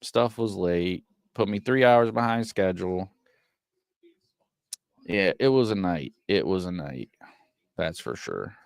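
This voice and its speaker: A man streaming a watch party, giving casual play-by-play commentary that turns excitable and profane when frustrated. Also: deep voice, takes it slowly, vocal fry, pauses often, smooth, no room sound. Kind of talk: casual live game commentary.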